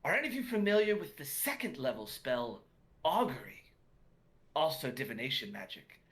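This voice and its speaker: A patient, wry magic teacher lectures his class in a bright, clear voice, voiced by a man. He is gently amused and a little playful in a tabletop game. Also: mid-range voice, big pitch swings, moderate pace. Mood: lecturing.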